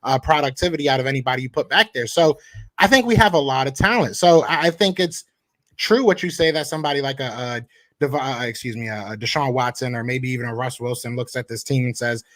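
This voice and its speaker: A man's voice: medium pitch, fast, fairly bright tone, no echo. A man, co-hosting a casual sports podcast, talking in rambling bursts with many restarts. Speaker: podcast co-host.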